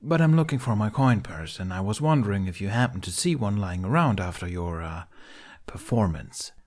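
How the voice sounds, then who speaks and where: A man's voice: on the low side, expressive, moderate pace, darkish tone, natural voice. A man reading a story aloud, voicing a cheeky, teasing young man. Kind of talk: audiobook character voice.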